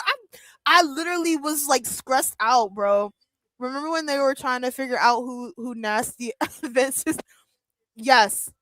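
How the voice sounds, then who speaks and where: A young woman chatting casually as host of a wrestling watch-along, excitable and full of fillers and laughs. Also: high voice, unhurried, no echo. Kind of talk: casual chat.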